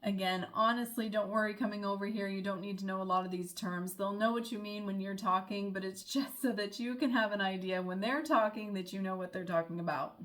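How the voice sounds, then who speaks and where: A woman's voice: mid-range voice, a little fast, few pauses, a bit bright. Young American woman, vlogger, friendly, chatty explainer, mid-range voice. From United States. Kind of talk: casual explainer vlog.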